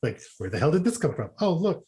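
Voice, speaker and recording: A man's voice: medium pitch, huge pitch swings, racing, a little mellow, breathy edge. A man playing a tabletop role-playing game, speaking hesitantly with many fillers. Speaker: player. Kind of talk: casual tabletop play.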